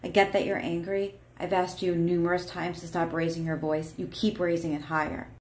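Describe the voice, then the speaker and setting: Woman playing a calm, pleading partner. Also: on the low side, moderate pace, a little hiss or hum, lightly acted. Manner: soft, careful and apologetic, asking politely. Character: calm, pleading partner trying to stay polite. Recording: roomy echo.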